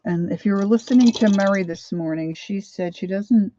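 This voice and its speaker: A middle-aged woman chatting casually and self-deprecatingly while she draws, halting with fillers as she works. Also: medium pitch, dark tone, dull audio, slight background noise. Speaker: art journaling vlogger. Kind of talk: casual live drawing chat.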